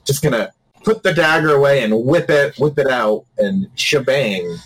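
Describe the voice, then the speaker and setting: A man's voice: mid-range voice, lively intonation, normal speed, fairly bright tone, rough recording. A man casually playing a tabletop game over voice chat, throwing in playful sound effects.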